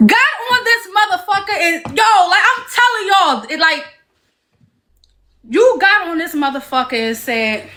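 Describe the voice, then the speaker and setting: A woman on a live-stream panel with a high, bright voice, delivering a blunt, profane rant. She talks in slow, deliberate stretches and drives each point home with confrontational force. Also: animated.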